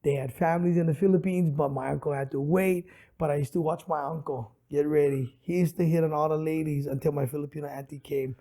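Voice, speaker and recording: A middle-aged man from Hawaii, a comedian telling stories in an animated way with many fillers, on a studio podcast mic. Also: fairly high pitch, fast, few pauses. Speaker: comedian and guest. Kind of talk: casual interview storytelling.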